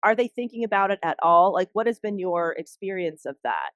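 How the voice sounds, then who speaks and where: A woman's voice: medium pitch, expressive, fairly quick, fairly bright tone, dry recording, studio quality. A woman hosting a casual interview, asking short, curious questions. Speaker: podcast host.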